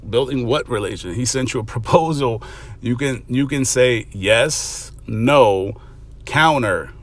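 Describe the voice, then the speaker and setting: A man in the middle of a reaction video, talking bluntly and swearing freely. His voice sits at an ordinary mid pitch, and he mocks and lectures as he goes. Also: unhurried. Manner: blunt, profane, mocking. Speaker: reaction vlogger. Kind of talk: ranting reaction commentary.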